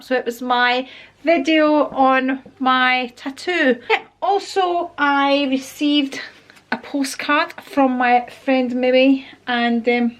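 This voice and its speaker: A woman's voice: sits high, fairly even intonation, slow pace, low-quality recording. A woman in her fifties chatting casually to camera at home, in a rambling, homely way. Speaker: lifestyle vlogger.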